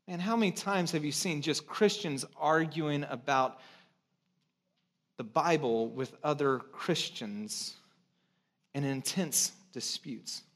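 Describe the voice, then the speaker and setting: A man's voice: a little high, slow pace, a bit bright. A man in his thirties from California, preaching a sermon as a pastor in a conversational storytelling way with self-mocking humor.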